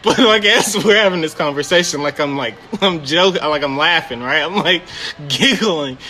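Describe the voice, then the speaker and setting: A man's voice: a little high, normal speed, bright, forceful tone. A man casually telling a story about his job managing a store, laughing often and swearing freely. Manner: laughing often, swearing, quoting in put-on voices.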